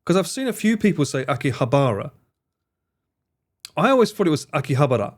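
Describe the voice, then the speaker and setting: A man's voice: sits high, very animated, rapid-fire. A man streaming live, chatting casually and laughing as he reacts to a video and his chat.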